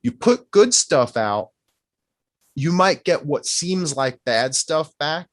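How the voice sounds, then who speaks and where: A man's voice: on the high side, lively intonation, slow pace, no room sound. A man in casual podcast chat, musing aloud and posing rhetorical questions.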